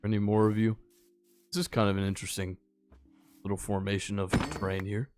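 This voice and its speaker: A man's voice: fairly low pitch, flat delivery, brisk, loud music behind the voice. A young man casually chatting and rambling while he plays, sometimes calling out to the animals in the game. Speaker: gaming channel host. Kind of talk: casual gameplay commentary.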